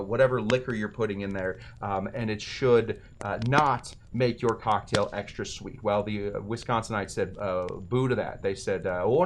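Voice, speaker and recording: A man's voice: medium pitch, slight background noise. A man hosting a cocktail show, talking casually with rambling, self-deprecating jokes and asides. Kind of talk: casual comedic how-to talk.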